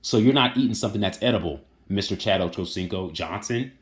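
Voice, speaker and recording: A man's voice: on the low side, quick pace. A man delivering an indignant, emphatic opinion rant that repeats its points for emphasis. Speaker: online commentator.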